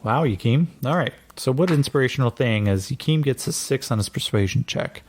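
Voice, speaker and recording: A male game master briskly narrates a tabletop game in a mid-range voice, with a little hiss or hum in the audio. His delivery wanders casually, full of fillers and self-corrections.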